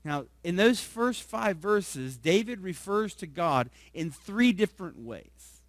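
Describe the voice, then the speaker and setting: Man, pastor, sermon, high voice, dry close sound, questions to the congregation, soft and loud emphasis. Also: lively intonation, takes it slowly, no room sound.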